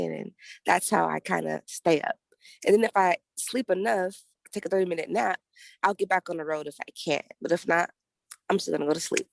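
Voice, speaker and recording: A woman's voice: lowish voice, brisk, creaky, no echo. A woman truck driver speaking plainly in a podcast chat.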